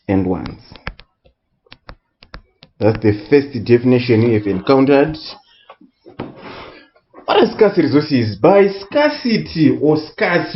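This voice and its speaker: A man tutoring economics in a recorded lesson, speaking deliberately and repeating key words for emphasis. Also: mid-range voice, dull audio, slight background noise. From Southern Africa.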